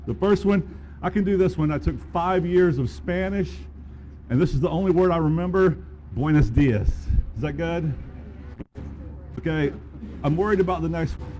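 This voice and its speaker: A man's voice: on the high side, normal speed, pauses often, mellow, highs cut off, a little hiss or hum. Folksy Alabama man at the podium. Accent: Southern US, Alabama. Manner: folksy, self-deprecating, filler-heavy. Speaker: conference organizer. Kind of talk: opening remarks at a conference. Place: conference room. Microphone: handheld or podium mic, cutting out.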